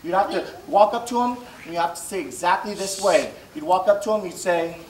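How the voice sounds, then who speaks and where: A man's voice: high-pitched, brisk, slight background noise. A male stand-up comedian who works the audience, giving instructor-style commands and exaggerating sing-song tones. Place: live comedy stage before an audience. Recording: echoey venue, distant mic, loud crowd.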